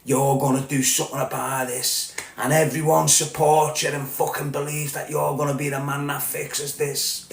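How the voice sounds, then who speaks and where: A man with a Liverpool accent delivering a heated, profane solo rant as a podcast host, growing louder as he goes. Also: a little high, level tone, moderate pace, gravelly, few pauses, reverberant. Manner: heated, sweary, rising to shouting. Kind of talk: angry monologue rant.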